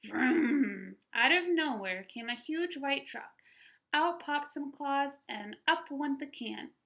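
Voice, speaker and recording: A woman teacher reads a children's picture book aloud with lots of expression. Her voice sits a little high, and she pauses to ask her young listeners what will happen next. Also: animated, pushed and bright.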